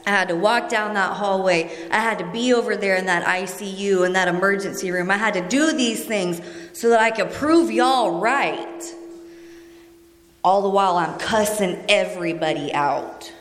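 A woman's voice: mid-range voice, normal speed, fairly bright tone. Earnest woman sharing in an echoey hall. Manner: conversational, earnest, asks the room questions. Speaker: speaker sharing at a recovery meeting. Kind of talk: personal testimony to a group. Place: meeting room.

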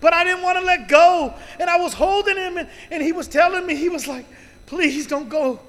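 In a large hall, a man with an extremely high, slightly bright voice shares a heartfelt story of his personal recovery with a live group, speaking at a moderate pace. He swears freely and keeps addressing the crowd as "you guys."

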